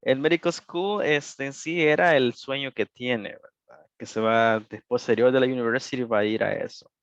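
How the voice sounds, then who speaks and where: A man's voice: medium pitch, steady tone, brisk, no room sound. A male English teacher running an online class, switching between Spanish and English and encouragingly reading out students' answers. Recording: dull, muffled online-class audio.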